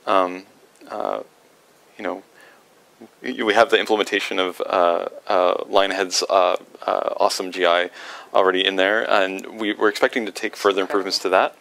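Man, developer, casual livestream Q&A, gravelly, full of fillers. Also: low-pitched, little pitch movement, normal speed, fairly bright tone, rough recording. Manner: rambling, many fillers and restarts. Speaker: engine developer answering viewer questions.

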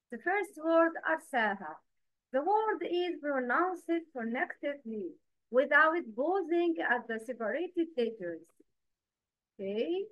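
High-pitched woman teacher, slow and patient, asks you to repeat after her, dull dry lo-fi sound. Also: animated, no echo. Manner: counts and quizzes listeners directly. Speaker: Quran recitation teacher.

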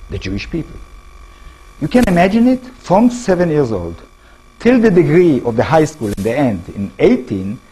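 A middle-aged man with an Israeli accent giving a public lecture in halting English, restarting phrases and putting questions to the audience. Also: on the high side, a little mellow, breathy edge, poor audio.

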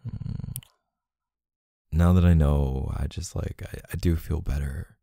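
A man speaks in a whispered role-play, his voice gravelly and very dark. He murmurs softly with affection and emotion, close and dry. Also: extremely low pitch, fairly even intonation, slow pace, no echo. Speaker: ASMR boyfriend role-play creator.

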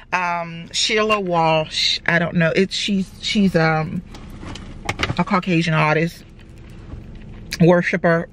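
A woman's voice: on the low side, fairly bright tone, a little hiss or hum. A woman vlogging in a casual, rambling chat to camera, full of fillers, on her way to church in a car. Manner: chatty and rambling, many fillers.

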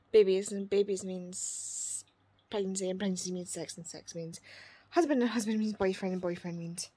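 A young woman, chatting casually about a book she is reading in a vlog, retelling scenes with quoted voices and quick asides. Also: mid-range voice, slightly rough, dry recording. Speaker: book vlogger.

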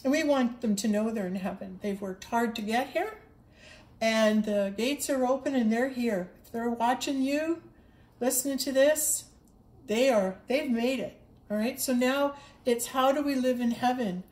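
A woman's voice: a little high, unhurried, a little mellow, reverberant. A woman giving an earnest spiritual monologue, repeating herself and stumbling over restarts as she speaks. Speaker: spiritual livestreamer.

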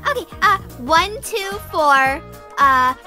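A woman's voice: lively intonation, slow, bright, forceful tone, exaggerated voice. A woman voicing an obsessive young female fangirl who gushes breathlessly in a cartoon, with music playing behind. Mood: unsure. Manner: shrill, gushing and breathless.

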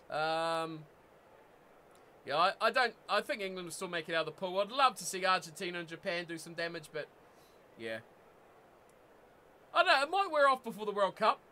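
Young NZ male streamer, very high, crisp voice, excitable live commentary. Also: a little hiss or hum. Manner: chatty, excitable outbursts, frequent laughs. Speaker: game streamer. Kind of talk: live gameplay commentary and chat with viewers.

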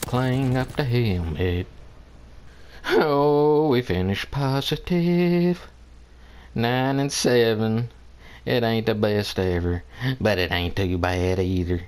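A man's voice: mid-range voice, takes it slowly, darkish tone, clear, resonant tone. A man giving casual commentary over his own online shooter match, trash-talking opponents and laughing often. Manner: playful trash talk with frequent laughter. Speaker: gameplay commentator.

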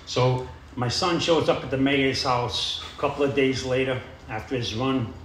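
A man's voice: mid-range voice, fairly even intonation, moderate pace, fairly bright tone, a little hiss or hum. A middle-aged man telling his recovery story in a plain, rambling way, full of "you know" and "uh". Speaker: AA speaker sharing his story. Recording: echoey room.

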